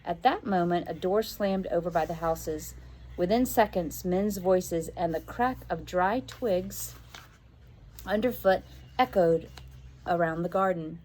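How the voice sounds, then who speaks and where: A woman who teaches, reading a children's adventure story aloud in an expressive way and raising her voice for the children's shouted lines. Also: on the low side, unhurried.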